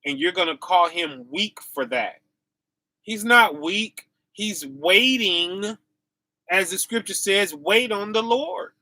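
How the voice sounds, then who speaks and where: A man giving an informal sermon in casual slang, leaning on "right?" and "y'all", chuckling to himself and swinging between quiet asides and loud bursts. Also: high-pitched, lively intonation, takes it slowly, dry recording. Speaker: preacher.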